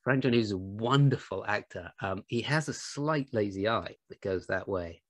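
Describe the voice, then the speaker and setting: A man's voice: fairly low pitch, expressive, moderate pace. A man joking, swearing and laughing in casual chat with castmates, heard over a video call. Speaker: actor on a cast reunion panel.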